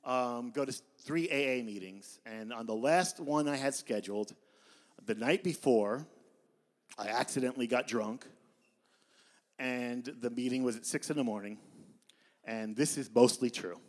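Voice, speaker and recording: A man in his fifties giving a live poetry reading in a bar, with deadpan, self-mocking storytelling. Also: mid-range voice, unhurried, long pauses. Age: 50s. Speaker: poet.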